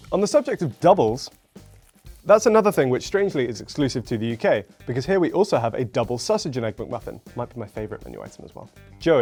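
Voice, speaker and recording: A British man presenting menu items in a casual food review, speaking at a middle pitch. His delivery is matter-of-fact with a dry, wry edge. Faint music sits under his voice. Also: a little mellow. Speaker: food show host.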